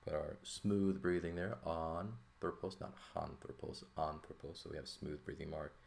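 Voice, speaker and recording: A man's voice: extremely low pitch, fairly even intonation, normal speed, gravelly, darkish tone. A man teaching a recorded lesson in a casual, thinking-aloud way, often checking in with "okay?" and "right?". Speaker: Greek teacher. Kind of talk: informal recorded lesson, writing on paper.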